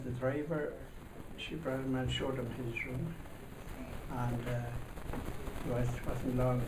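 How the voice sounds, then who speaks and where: A man's voice: medium pitch, creaky. Rambling man telling a story. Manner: rambling storyteller, acting out shouting voices. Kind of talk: telling a comic anecdote. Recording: echoey room, mic far off, noisy.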